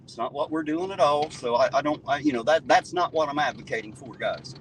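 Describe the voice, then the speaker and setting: A man's voice: fairly high pitch, lively intonation, fairly quick, recorded from a distance, a little hiss or hum, low-quality recording. A man hosting a live stream, chatting casually, crude and mocking, swearing freely. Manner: profane, crude, mocking, joking. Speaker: livestream host. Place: outdoors at night, riding in a vehicle.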